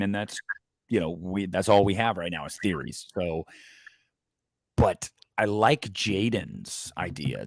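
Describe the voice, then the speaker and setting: Casual co-host, male, lower voice, dry close sound, sarcastic and animated. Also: no echo. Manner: animated, sarcastic, reads chat comments aloud. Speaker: podcast co-host. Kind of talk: casual livestream chat.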